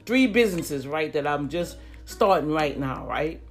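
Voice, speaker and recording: Lively woman vlogger, chatty story told straight to viewers, lowish voice. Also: measured pace, soft background music. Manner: animated, talks straight to her viewers.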